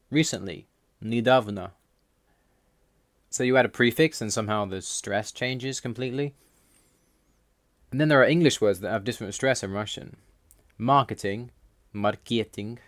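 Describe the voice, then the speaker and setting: Man, lower voice, measured voice-over explainer for a language lesson. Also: no echo, studio quality. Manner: measured, reads out word lists slowly. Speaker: language learner explaining Russian.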